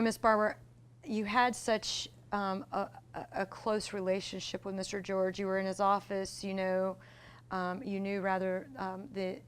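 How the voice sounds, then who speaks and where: Woman talk-show host, smooth resonant voice, gracious questioner. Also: medium pitch. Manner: polite, gracious interviewer with warm praise. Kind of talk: interview.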